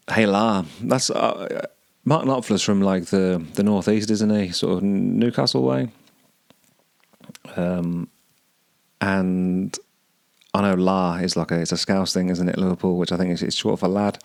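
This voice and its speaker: Low-voiced guy talking through song lyrics, hesitant, dry close sound. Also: fairly even intonation, a little slow, gravelly, darkish tone, dry recording. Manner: hesitant, searching for words, many restarts. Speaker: podcast host. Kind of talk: musing commentary on song lyrics.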